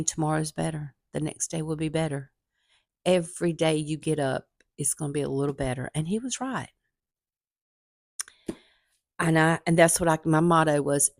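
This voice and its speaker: A woman speaks low and gravelly, telling her story candidly, with her faith close to the surface. The sound is dry and close, with no room around her voice. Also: no room sound. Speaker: vlogger. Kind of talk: casual personal storytelling.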